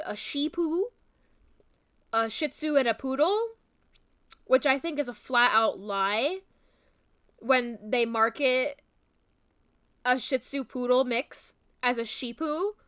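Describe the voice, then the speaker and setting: A woman's voice: on the high side, takes it slowly, long pauses, fairly bright tone, clear, resonant tone. A young woman streamer gushing and rambling with fillers in casual stream chat.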